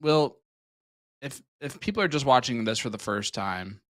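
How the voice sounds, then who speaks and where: A man's voice: mid-range voice, animated, normal speed, a bit bright, dry recording. A man commentating a darts tournament, joking and chatty with asides between throws. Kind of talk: live sports commentary.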